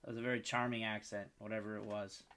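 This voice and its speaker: A man's voice: fairly low pitch, level tone, fast, pushed and bright. A man co-hosting a crude comedy podcast, joking and swearing freely over a video call. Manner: profane and jokey. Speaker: podcast co-host. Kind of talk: crude casual chat.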